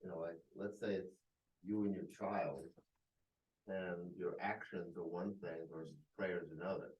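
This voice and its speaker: A man in a class audience asks a question, working through his words in a halting way. His voice sits low. He sounds far from the mic, and the recording is dull. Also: steady tone, echoey room. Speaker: class participant asking a question. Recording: distant, dull room mic.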